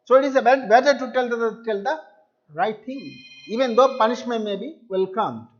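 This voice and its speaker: High-voiced man teaching a story lesson. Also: lively intonation, moderate pace. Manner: repeats and restates words to explain them; addresses listeners as dear children. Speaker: English teacher. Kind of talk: classroom story explanation. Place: home or classroom video lesson. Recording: dull lo-fi recording.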